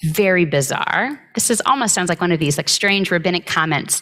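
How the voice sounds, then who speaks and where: A woman giving a conversational sermon at a service, reflective and unhurried, pausing often with filler words. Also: lowish voice, lively intonation, a bit bright. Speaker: clergy giving the weekly Torah talk.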